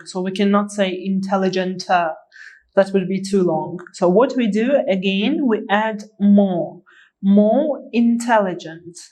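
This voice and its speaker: A woman teaching English whose first language is Azerbaijani, talking at a very slow, deliberate pace. She explains grammar patiently, says each example word more than once and checks that learners follow. Her pitch sits in a middling range. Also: darkish tone, poor audio. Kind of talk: online grammar lesson.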